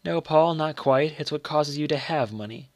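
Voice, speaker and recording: Man reading a bitter, worn-down mother in a storybook reading; slow and dry. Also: fairly high pitch, no room sound, lightly acted. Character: bitter, weary mother of modest means.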